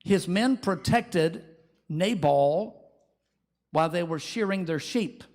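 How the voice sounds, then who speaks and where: A pastor preaches a sermon in a high, slow voice. He tells Bible stories with animation, acting out the voices of the people in them.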